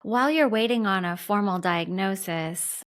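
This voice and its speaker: Woman, podcast host, gentle and affirming interviewer, mid-pitched. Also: moderate pace. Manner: gentle, affirming, asks open questions.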